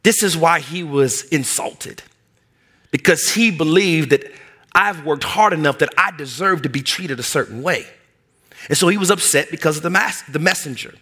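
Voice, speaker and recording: Male pastor, middle-aged, lively storytelling sermon, bright edge, slightly high voice. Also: moderate pace, breathy edge. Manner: animated, acts out voices in anecdotes.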